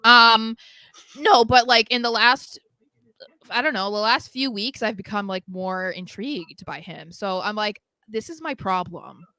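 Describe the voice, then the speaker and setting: Bright, clear-voiced young woman co-host. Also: medium pitch, a little slow, no room sound. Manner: chatty, full of fillers, acts out quotes. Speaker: podcast co-host. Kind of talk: casual wrestling recap chat.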